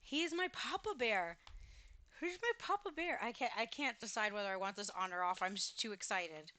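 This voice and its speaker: A woman's voice: a little high, lively intonation, normal speed, bright, forceful tone. A woman streamer chatting casually while gaming, gushing, giggling and exclaiming often.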